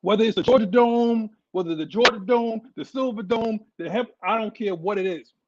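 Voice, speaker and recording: A man's voice: high-pitched, moderate pace, lo-fi sound, heavy background noise. A man from New York, co-hosting a sports show, talking in a heated, emphatic way and often repeating himself. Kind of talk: heated casual sports talk.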